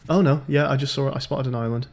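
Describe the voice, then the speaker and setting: A man's voice: mid-range voice, fairly even intonation, fast talker, gravelly, a little mellow. A young man streaming a puzzle game, thinking aloud in a chatty, hesitant way with lots of ums. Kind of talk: casual let's-play commentary.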